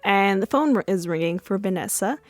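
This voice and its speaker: A woman hosting a podcast, recapping a TV episode in a chatty way with many fillers, and acting out the characters' yelled quotes. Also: medium pitch, animated, a little fast, no room sound. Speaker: podcast host.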